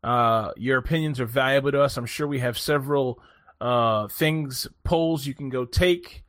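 A man hosts a laid-back podcast conversation, animatedly telling stories, cursing freely and laughing frequently, in a mid-range voice at a moderate pace.

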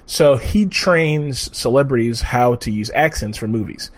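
A man's voice: medium pitch, animated, measured pace, husky. A man co-hosting a podcast, chatting casually in a rambling, profane way with lots of fillers. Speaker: podcast co-host. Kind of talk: casual chat.

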